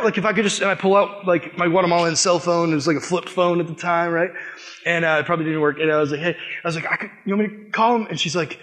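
A young man as youth pastor, preaching a sermon with animated storytelling that acts out the dialogue. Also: sits high, fast.

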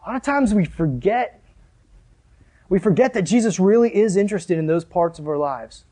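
A man preaching a sermon in a casual, animated way, full of "like" and asides. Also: high voice, moderate pace. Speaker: pastor.

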